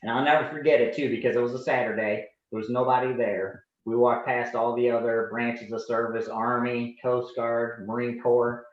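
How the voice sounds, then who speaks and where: A man in his forties, a podcast guest and Navy veteran, telling animated anecdotes in a casual way and acting out the people in them. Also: medium pitch, normal speed, few pauses. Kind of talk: casual storytelling. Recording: roomy, dull lo-fi sound.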